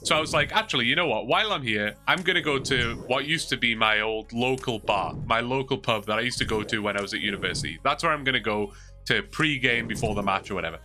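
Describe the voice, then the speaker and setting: Bright-voiced Geordie man telling stories. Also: medium pitch, fast talker, faint music behind. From Newcastle, England. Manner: rambling storytelling with fillers. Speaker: livestreamer. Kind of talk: casual chat to stream viewers.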